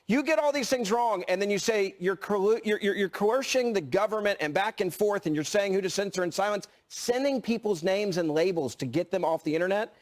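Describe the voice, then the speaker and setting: A man's voice: high voice, animated, a little fast, hardly any pauses. A man speaking as a panel guest, emphatic, hammering points with repetition. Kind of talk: opinion panel talk.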